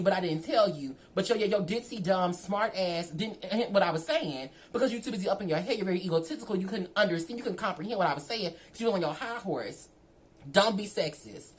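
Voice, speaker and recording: A young woman vlogger telling a storytime to her viewers in a sassy, animated way, often calling the listener "girl". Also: mid-range voice, fairly quick.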